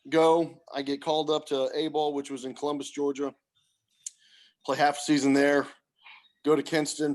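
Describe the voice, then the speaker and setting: A middle-aged man, a former pitcher, telling a story casually and acting out the coaches he quotes. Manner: animated, acts out quoted coaches. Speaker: former pro pitcher guest.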